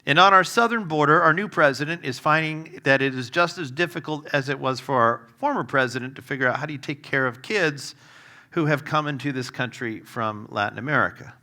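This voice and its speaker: A man's voice: medium pitch, fairly quick. A man preaching a sermon as a guest speaker, conversational and humorous, with fillers and wry asides. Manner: humorous storytelling, self-deprecating asides; conversational with fillers, varied loudness.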